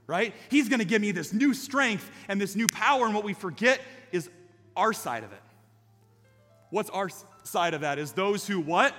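A man delivers a sermon with animated storytelling and a high, bright voice. He swings from lively, loud peaks to quiet, earnest passages. His words ring out in a large church hall with a long reverb. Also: normal speed, soft background music. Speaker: pastor.

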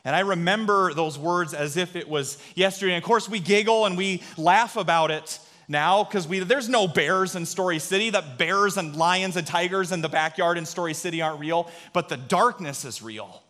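Animated male preacher in an echoing hall. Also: high voice, normal speed, few pauses. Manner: animated storyteller, drops to a hush for quoted voices. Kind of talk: sermon storytelling. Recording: long hall reverb.

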